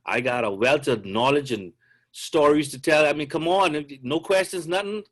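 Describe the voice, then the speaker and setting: A man's voice: on the high side, normal speed. A middle-aged man, a basketball coach, answering questions on a video call in a chatty, joking way.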